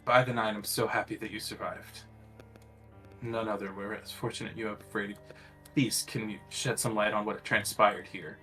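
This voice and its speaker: Formal church vicar, as a man puts him on; low, bright, measured. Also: fairly even intonation, soft background music, poor audio. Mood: solemn.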